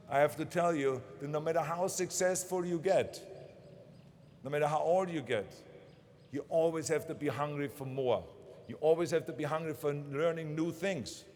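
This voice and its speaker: A man's voice: on the high side, in a large hall, a little hiss or hum. A man with a German accent giving an emphatic, motivational commencement speech in short, punchy phrases. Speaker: commencement speaker.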